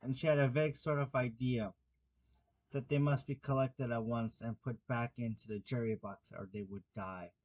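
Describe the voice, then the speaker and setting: A man's voice: medium pitch, steady tone, moderate pace, a little mellow. A man narrating an amateur audiobook, reading plainly and unhurriedly, with small slips and restarts. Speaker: audiobook reader.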